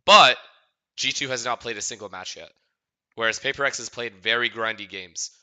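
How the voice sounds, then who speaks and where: A man streaming a watch party, chatting casually and getting excited. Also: mid-range voice, moderate pace, clean tone. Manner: casual, excitable, checks his mic aloud.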